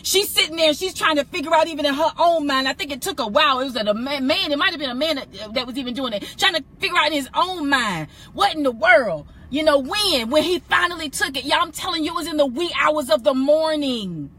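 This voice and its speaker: Bright, high-voiced preaching woman. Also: expressive, fairly quick, few pauses. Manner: emphatic, call-and-response exhortation. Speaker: co-host of inspirational show. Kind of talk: preacherly inspirational talk.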